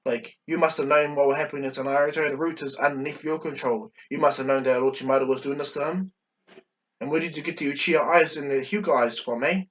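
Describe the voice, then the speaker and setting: A man's voice: on the high side, steady tone, quick pace, fairly bright tone, muffled recording, close to an everyday voice. A man voicing a stern middle-aged male clan leader who is blunt and confrontational, often repeating himself. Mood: angry.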